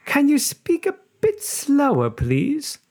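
Man voicing a prim, high-pitched London gent, overpolite. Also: huge pitch swings, takes it slowly, a little mellow, exaggerated voice. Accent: put-on London. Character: prim male Londoner, polite newcomer.

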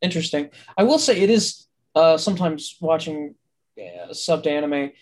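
A man's voice: fairly high pitch, normal speed. A man co-hosting a podcast, chatting easily and reacting briefly. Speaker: podcast co-host. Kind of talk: casual chat.

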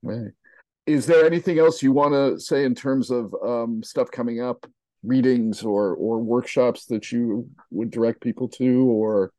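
A man hosts a radio interview in a dry, close-miked sound. He speaks appreciatively and haltingly, restarting his phrases. His pitch sits in a middle range. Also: fairly even intonation, darkish tone, no room sound. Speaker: radio host. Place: radio studio.

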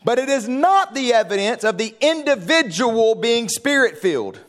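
A man preaching a sermon in a church, fervent and building to shouted call-and-response. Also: very high voice, very animated, moderate pace. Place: church sanctuary.

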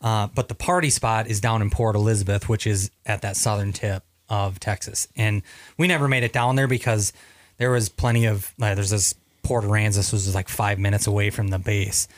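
A man's voice: lowish voice, fairly even intonation, brisk, no room sound. A man from Minnesota, a Navy veteran guest, telling stories casually with many fillers and restarts. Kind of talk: casual storytelling interview.

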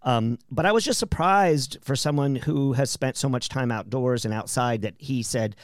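A mid-pitched man hosts a podcast, rambling fast and chatty through his thoughts. The sound is dry and close. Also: no echo. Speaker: podcast host. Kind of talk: casual podcast conversation.

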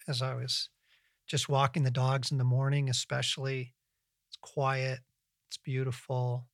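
A man's voice: mid-range voice, no echo. Earnest man speaking with dry close sound. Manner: earnest, reflective, animated with frequent restarts. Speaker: podcast host and Christian author. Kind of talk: casual conversational teaching.

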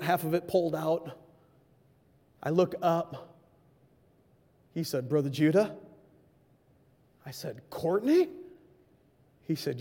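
A male preacher telling a story in a sermon, swinging from shouting passion to hushed quiet. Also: sits high. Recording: long hall reverb.

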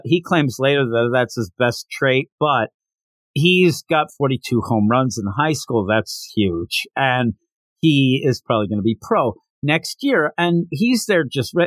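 A man's voice: mid-range voice, dry recording. A man hosting a podcast, giving a casual, opinionated manga review as he recaps scenes.

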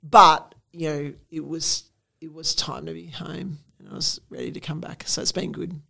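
A woman's voice: deep voice, steady tone, moderate pace, gravelly, sharp tone, slightly rough. An Australian woman guest talking casually in an interview, chatty with lots of fillers and laughter.

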